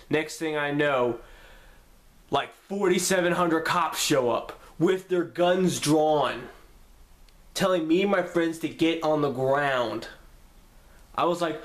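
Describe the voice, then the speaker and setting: A young male vlogger tells a story to the camera in a casual, profane style, expressive and unhurried. He acts out his own lines, his pitch jumping suddenly as he does.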